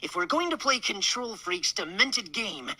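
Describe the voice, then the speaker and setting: A young man voicing a bossy cartoon teen hero leader in a high, shouty voice. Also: very animated, a little slow, exaggerated voice.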